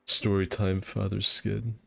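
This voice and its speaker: A man's voice: lowish voice, creaky, fairly bright tone. A man chatting casually while he streams a game, rambling and self-deprecating. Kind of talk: casual gameplay commentary.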